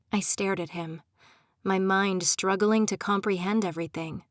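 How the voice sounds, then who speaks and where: A woman's voice: mid-range voice, normal speed, no echo. A young adult woman reads a first-person audiobook with a mid-range voice, emotive and often pleading and desperate in dialogue. The sound is dry and close, with no room around it. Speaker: audiobook narrator.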